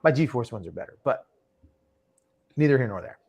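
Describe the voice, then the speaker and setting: A man's voice: mid-range voice, expressive, normal speed, darkish tone, husky. Chatty man podcast host. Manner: loose, chatty, frequent "right?" and "you know". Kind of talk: casual podcast storytelling.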